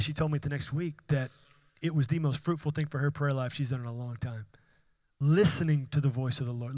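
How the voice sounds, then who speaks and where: A man's voice: on the high side, a bit bright. A man preaching a sermon, speaking in an earnest, conversational way with frequent restarts. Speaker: pastor.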